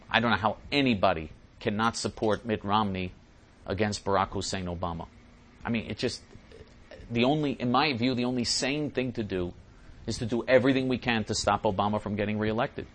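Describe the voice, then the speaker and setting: A man's voice: fairly low pitch, fairly bright tone, slight background noise. A male talk show host answering listener letters in an emphatic, repetitive way.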